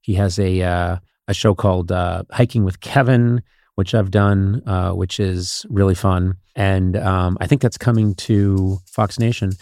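A man in his sixties hosting a podcast in casual chat, talking haltingly with many fillers and restarts. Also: low-pitched, steady tone, a little mellow, no echo, studio quality. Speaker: podcast host.

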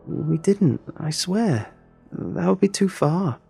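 A quiet, insistent teenage schoolgirl, as a male narrator puts her on. Her voice is raised in pitch but kept hushed and a little husky. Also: lively intonation, takes it slowly, soft background music, heavily acted. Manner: low, quiet delivery.

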